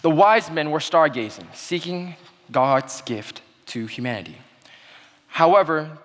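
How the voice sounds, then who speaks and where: A young man giving a sermon-style talk, telling a childhood story in an earnest way that goes quiet at the sad moments. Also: on the high side. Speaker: speaker giving a Christmas message. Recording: long hall reverb.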